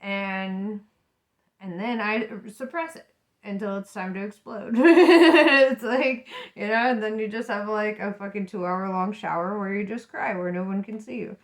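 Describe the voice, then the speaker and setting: Woman, tarot reader, casual reading, blunt and profane, frequent laughter, mid-pitched voice. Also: a little slow. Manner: frank and profane, laughs often, says "right?" a lot.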